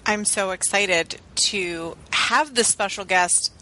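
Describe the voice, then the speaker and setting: A woman co-hosting a podcast, playful and quick to laugh in casual chat. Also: mid-range voice, bright, forceful tone, rough recording. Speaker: podcast co-host.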